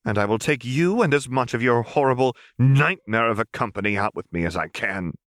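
A man's voice: low voice, normal speed, dry recording, clean studio sound, close to an everyday voice. A man reading an audiobook, voicing a fierce, defiant young woman in a tense, clipped way. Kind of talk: audiobook character voice.

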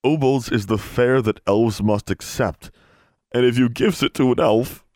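A man's voice: fairly low pitch, animated, moderate pace, darkish tone, no room sound, studio quality, lightly acted. A man voicing a young male elf who pleads earnestly in broken grammar. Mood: pleading.

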